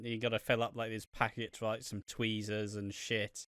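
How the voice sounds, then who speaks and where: Male podcast co-host, bright and crisp, dry close sound, loose and sweary. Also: on the low side, flat delivery, normal speed, no room sound. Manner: sweary, rambling, laughs often. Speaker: podcast co-host reviewing a soap. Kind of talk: casual podcast chat.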